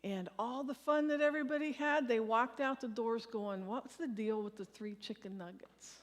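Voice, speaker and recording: A woman's voice: fairly high pitch, moderate pace. A woman pastor preaching a sermon to her congregation and leading them in a shared recitation. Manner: leads congregation in reciting a psalm. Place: large church sanctuary. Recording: long hall reverb.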